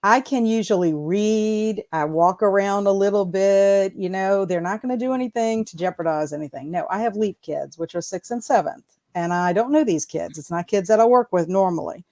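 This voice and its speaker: Animated woman in her fifties telling stories. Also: medium pitch, normal speed, hardly any pauses. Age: 50s. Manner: animated storyteller, laughs often, acts out exchanges. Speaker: school proctor and educator. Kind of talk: casual video call chat.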